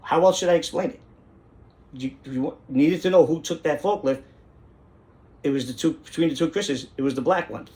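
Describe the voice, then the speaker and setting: A man's voice: on the high side, normal speed, pauses often, mellow. A middle-aged man, hosting a casual monologue in an indignant, rambling way that repeats phrases for emphasis. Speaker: host.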